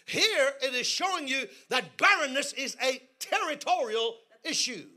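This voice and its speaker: A man preaching a sermon in a church service, telling humorous stories and leading the congregation in call-and-response that builds to shouting. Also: extremely high pitch, animated, moderate pace. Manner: humorous storytelling asides. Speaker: guest preacher.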